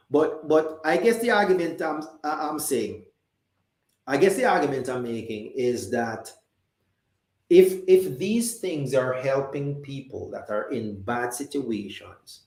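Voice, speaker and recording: A man's voice: medium pitch, lively intonation, a little slow, a little mellow, reverberant. A man with a Jamaican accent hosting a live talk show, chatting conversationally and reading out viewer comments. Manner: conversational, reads viewer comments, many restarts and fillers.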